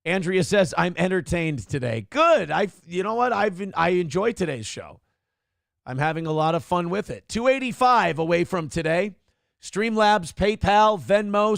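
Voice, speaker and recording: A man's voice: high-pitched, creaky, a bit bright, dry recording, clean studio sound. A male talk show host in casual live-stream chat, profane and joking as he reads out viewer comments.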